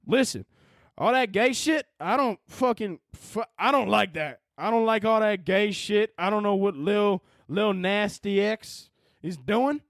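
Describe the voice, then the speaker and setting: A man's voice: high voice, measured pace, a bit bright, no echo, clean studio sound. A man putting on a crude Southern redneck. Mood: swaggering. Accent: Southern US (put on). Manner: drawling, profane, boastful.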